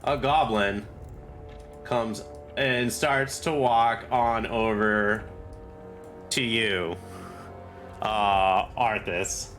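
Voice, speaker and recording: A man narrating as game master of a tabletop game, talking slowly with plenty of fillers. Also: lowish voice, fairly even intonation, a bit bright, soft background music. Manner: slow, drawn-out narration with fillers.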